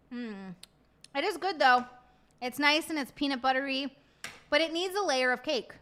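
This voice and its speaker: A woman's voice: high-pitched, fairly bright tone. A woman streamer chatting casually with her viewers while eating, often giggling. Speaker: live streamer. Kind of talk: casual live-stream chat.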